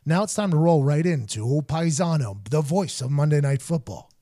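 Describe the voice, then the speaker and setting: A young man hosting a podcast, slightly raspy, bantering and joking casually. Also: on the high side, animated, normal speed, warm tone, no room sound, clean studio sound. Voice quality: a little raspy. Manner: joking, laid-back banter. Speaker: podcast host.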